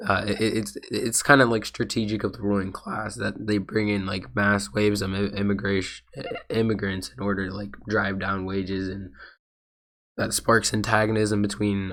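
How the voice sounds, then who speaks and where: A man's voice: fairly low pitch, vocal fry, fairly bright tone. A man who is sick and losing his voice, streaming and reacting to a video with rambling, hesitant casual commentary. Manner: rambling, hesitant, full of restarts.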